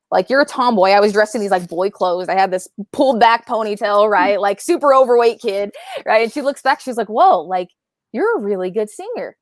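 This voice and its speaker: Young adult woman, interview guest, rapid chatty delivery with constant "right?" tags, dry close sound. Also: medium pitch, no echo. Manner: chatty, says "right?" often. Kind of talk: casual interview chat.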